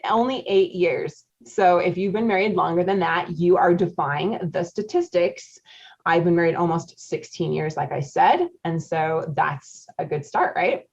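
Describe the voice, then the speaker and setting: A woman's voice: on the low side, measured pace, creaky. A woman in her forties, a marriage coach hosting a live webinar, chatty, laughing often and quizzing her audience. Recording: dull lo-fi audio.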